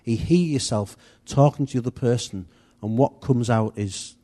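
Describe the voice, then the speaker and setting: A man leads a church group in a loose, conversational teaching style. His voice is mellow and warm, and he rambles with asides and restarts as he gives instructions. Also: medium pitch, normal speed. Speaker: church leader.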